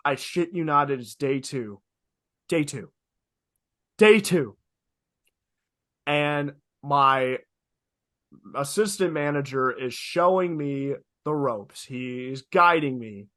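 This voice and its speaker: A young man co-hosting a podcast, telling stories in an animated, emphatic way, swearing freely and repeating lines for effect. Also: medium pitch, no room sound, clean studio sound. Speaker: podcast co-host. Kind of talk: casual podcast storytelling.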